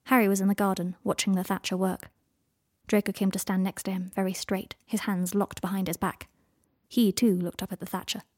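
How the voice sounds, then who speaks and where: A woman narrating fan fiction as an audiobook, with measured, unhurried phrasing. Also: medium pitch, flat delivery, a little mellow, no echo, studio quality.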